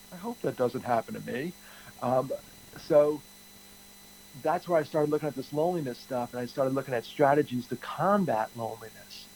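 A man's voice: medium pitch, darkish tone, a little hiss or hum, low-quality recording. A man in his fifties answering interview questions candidly, rambling and restarting his sentences often. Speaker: guest, TED speaker.

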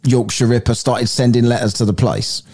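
A man's voice: medium pitch, flat delivery, fairly quick, a little mellow. A man hosting a podcast live stream, reading crime stories aloud and breaking off to joke about them. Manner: jokey, reads aloud then riffs. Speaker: podcast host.

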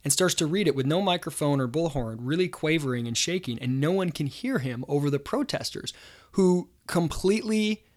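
A man hosting his own show, casually telling an embarrassing story in an animated, self-deprecating way, full of fillers. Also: on the high side, normal speed. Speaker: host.

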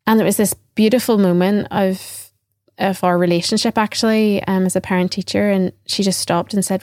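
A woman's voice: medium pitch, a little fast, a little mellow, no room sound, studio quality. Earnest woman on a podcast. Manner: earnest, reflective, quoting others' words. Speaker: podcast guest, trainer and former teacher. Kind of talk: conversational interview.

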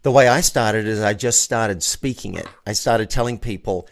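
A man's voice: on the low side, moderate pace, creaky, hardly any pauses. A man sharing a personal story in a casual conversation as a guest, earnest and prone to restarting his sentences. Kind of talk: casual chat.

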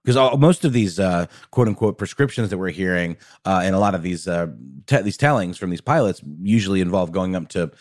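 A man co-hosting a casual podcast, talking in an animated, jokey way. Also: low-pitched, brisk, no echo, clean studio sound. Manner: animated, jokey, many fillers and restarts. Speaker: podcast co-host. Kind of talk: casual conversational chat.

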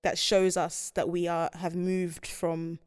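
A woman's voice: lowish voice, little pitch movement, slow, darkish tone, clear, resonant tone, dry recording, clean studio sound. A young woman hosting a casual chat, asking thoughtful, slightly hesitant questions.

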